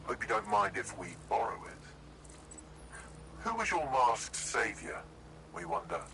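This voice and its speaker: A man's voice: fairly low pitch, very animated, slow, pushed and bright, slight background noise, full character voice. An actor playing a mocking masked male hacker villain in a video game, with a taunting delivery.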